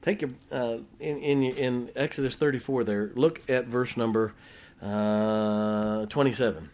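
Man, folksy sermon, emphatic, mid-pitched voice. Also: steady tone, measured pace, a little mellow. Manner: folksy, emphatic, reads scripture aloud with rising force. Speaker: preacher.

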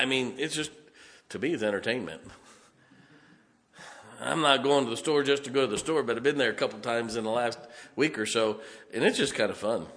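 A man's voice: medium pitch, fairly bright tone. A male pastor preaching a sermon, telling folksy stories and laughing often between points. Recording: long hall reverb.

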